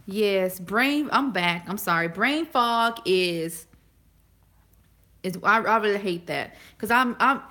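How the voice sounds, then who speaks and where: A woman in her forties chatting casually to a live audience, talking fast and often pausing to find her words. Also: medium pitch, bright, forceful tone. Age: 40s. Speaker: vlogger.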